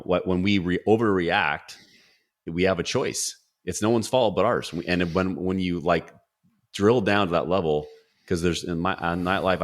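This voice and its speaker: A middle-aged man hosting a podcast, casual and enthusiastic, dropping words like dude and bro. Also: deep voice. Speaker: podcast host. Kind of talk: casual interview chat.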